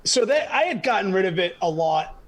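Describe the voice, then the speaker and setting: A man with a slightly raised pitch tells stories in an animated, casual way, breaking into laughter as he goes. He grew up in New Hampshire and talks loosely as a podcast guest, full of fillers and quick asides. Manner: animated, acts out dialogue with bursts of laughter. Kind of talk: casual storytelling.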